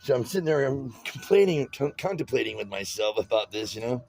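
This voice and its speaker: Fairly quick and a bit mellow, with vocal fry, this medium-pitched man rambles through stories as he shows how to tie-dye a shirt. His talk is casual and streetwise, full of restarted sentences and wandering tangents, and the recording is rough.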